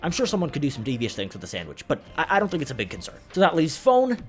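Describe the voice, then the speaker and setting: A man's voice: fairly high pitch, huge pitch swings, rapid-fire. A young man from Canada telling a profane, rambling comedic story over gameplay. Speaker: gaming channel host. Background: faint background music.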